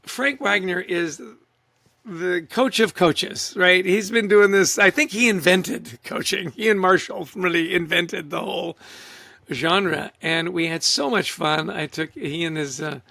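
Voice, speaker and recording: Middle-aged man from Canada, podcast guest, lively anecdotal storyteller, bright husky voice, dry close sound. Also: high voice, measured pace, dry recording. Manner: lively, laughs often, shifts voice for quotes.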